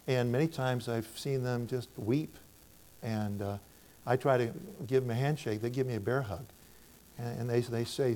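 An older man from the United States preaches with a warm, mellow voice. He tells stories from his ministry and plays both sides of each exchange. His manner is that of a minister giving his testimony to a church. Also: mid-range voice. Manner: storytelling, acts out both sides of conversations in a raised voice.

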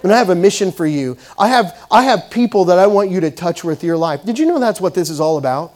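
A man preaching a sermon, telling a story and swinging between loud bursts and quiet asides. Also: high-pitched, expressive, quick pace. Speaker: pastor.

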